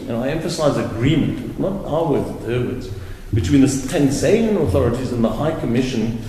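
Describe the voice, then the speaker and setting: A male advocate giving a deliberate, emphatic courtroom argument, repeating words for stress. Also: medium pitch, very animated, warm tone. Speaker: advocate arguing an appeal. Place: large courtroom. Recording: very echoey courtroom with long reverb.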